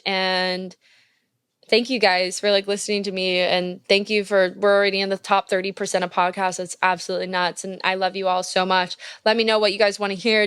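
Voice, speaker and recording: A woman's voice: medium pitch, a bit bright, smooth, dry recording. A young woman hosting a podcast, giving casual advice in a blunt, profane, gushing way. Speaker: podcast host.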